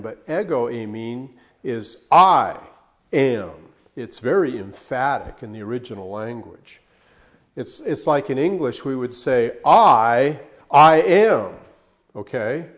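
A man's voice: medium pitch, a little mellow. A man teaching a Bible study, reading scripture aloud and explaining it with plain fillers and strong emphasis.

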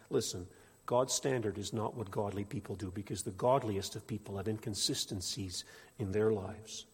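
A man preaching a sermon in a church, animated, swinging between loud emphatic peaks and quiet asides. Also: on the low side, fairly quick, breathy edge. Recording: echoey hall with long reverb.

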